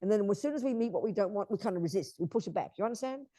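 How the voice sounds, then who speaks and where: A woman's voice: medium pitch, animated, racing, warm tone, no echo. A woman teaching Buddhism in an emphatic way, repeating key phrases and often asking her listeners if they understand.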